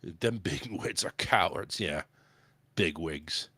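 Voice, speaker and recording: A man's voice: low-pitched, slow, pushed and bright, husky, dry recording, clean studio sound. A man hosting a talk show, venting angrily and swearing a lot about his sales job. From United States. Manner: angry, profane ranting. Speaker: host. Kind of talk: casual talk show rant.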